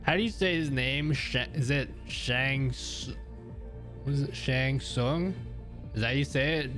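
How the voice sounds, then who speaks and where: A man on a live stream chats unhurriedly with viewers in a medium-pitched, slightly bright voice, easygoing, rambling and often laughing. Faint background music sits under his studio mic, which goes through an audio mixer.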